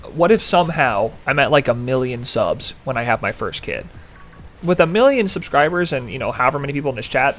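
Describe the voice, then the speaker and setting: A young man talks loosely to his stream chat, wandering off on jokes and reading messages out loud. His voice swings up and down a lot while it stays mid-pitched. Soft music plays quietly underneath. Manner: rambling, jokey, reads chat aloud. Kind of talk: casual live-stream chat.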